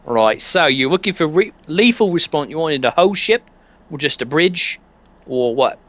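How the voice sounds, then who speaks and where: A man's voice: a little high, lively intonation, normal speed, fairly bright tone, highs cut off, voice pushed up. A man voicing a chummy male security-shop owner in a put-on British accent, stumbling over his words and calling everyone mate. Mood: chummy salesman.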